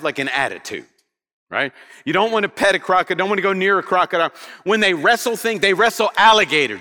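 Animated preacher in a reverberant hall. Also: male voice, on the high side. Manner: animated storytelling with rhetorical questions to the congregation. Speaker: pastor. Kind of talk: sermon.

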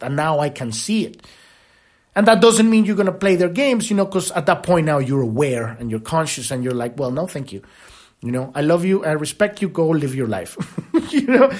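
A man hosting a podcast, talking in a casual spiritual monologue, rambling and animated, swearing now and then and acting out quoted voices. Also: a little high. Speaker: podcast host.

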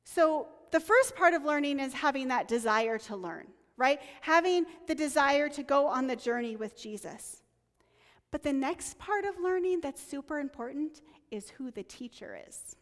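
A woman preaching a sermon, earnest and conversational, dropping to soft near-whispers on key lines. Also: sits high, lively intonation, moderate pace, in a large hall.

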